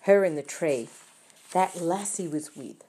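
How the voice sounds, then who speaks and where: A woman's voice: on the low side, unhurried, mellow, slightly rough. A woman reading an audiobook, voicing a scornful schoolboy who talks bluntly and mockingly. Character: scornful, rough-talking schoolboy.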